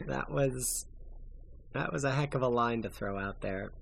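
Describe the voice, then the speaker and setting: A man guesting on a podcast, answering in casual chat with halting restarts and laughs. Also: medium pitch, gravelly, a little hiss or hum. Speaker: podcast guest, former reality show contestant.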